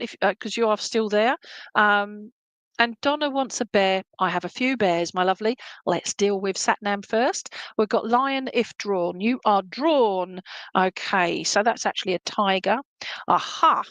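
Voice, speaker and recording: A woman talks casually during a live reading, chatty and a little hesitant, filling pauses with ums. Her voice sits in an ordinary middle pitch. It is recorded close and dry, with no room sound. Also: a bit bright, dry recording. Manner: chatty, hesitant, many ums, calls people "my lovely". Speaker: psychic medium giving live readings.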